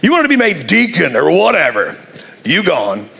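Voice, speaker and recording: A preacher in full sermon mode, animated and playful, dropping into acted voices for the figures he quotes. His voice sits high for a man and carries a gravelly edge. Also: brisk. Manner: animated, jokey, acts out quotes. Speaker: pastor.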